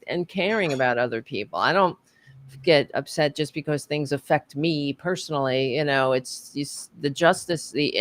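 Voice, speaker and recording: A woman's voice: rumbling low, fairly bright tone. A woman co-hosting a political talk podcast, speaking in an impassioned, profane, rambling way with many fillers. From United States. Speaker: podcast co-host.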